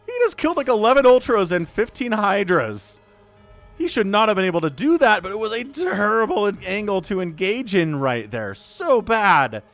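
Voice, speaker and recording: A man calls a strategy game match on his own, in an excitable play-by-play with jokey asides. His voice sits a touch high and swings up and down constantly. Faint music runs underneath. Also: normal speed. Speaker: esports shoutcaster. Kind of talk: solo game commentary.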